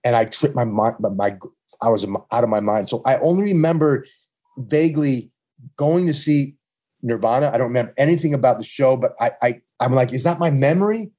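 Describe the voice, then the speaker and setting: A man's voice: mid-range voice, brisk, warm tone. A man with a New York accent telling rambling, profane road stories from his touring days in a casual chat, full of restarts. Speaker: touring punk musician guest. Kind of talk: casual storytelling.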